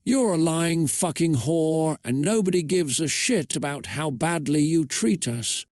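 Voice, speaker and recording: A man's voice: fairly high pitch, expressive, unhurried, darkish tone, no room sound, clean studio sound. A man reading out a desperate teenage girl who pleads and curses.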